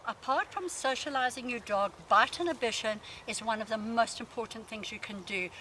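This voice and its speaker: A woman dog trainer explaining an exercise in a calm, instructive way. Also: on the high side, normal speed, poor audio. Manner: calm, explanatory, with sudden sharp yelps. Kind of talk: instructional demonstration. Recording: background noise.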